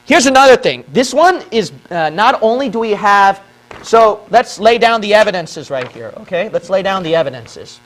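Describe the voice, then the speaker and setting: A man's voice: high voice, animated, normal speed, a bit bright. A man giving a lecture from a page of notes, arguing his case and checking in with "okay?" after his points, from the Philippines. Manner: argumentative, repeats points with "okay?". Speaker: religious video presenter. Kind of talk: lecture on a whiteboard.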